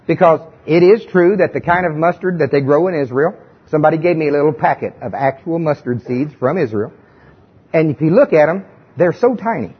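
A man's voice: fairly high pitch, animated, fairly quick, slightly rough. A male preacher giving a sermon in a conversational, emphatic way, often putting questions to his listeners. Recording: dull lo-fi recording.

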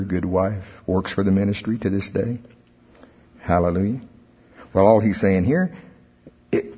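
A middle-aged preacher, delivering an animated sermon that rises into emphatic outbursts. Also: male voice, lowish voice. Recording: husky voice in a long-reverb hall, dull sound.

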